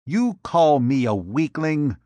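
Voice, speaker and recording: A man's voice: medium pitch, slow pace, dry recording, natural voice. A man voicing a fierce, cold warrior queen in an audiobook reading, speaking in commanding, snarling threats. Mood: cold, threatening. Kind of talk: audiobook narration.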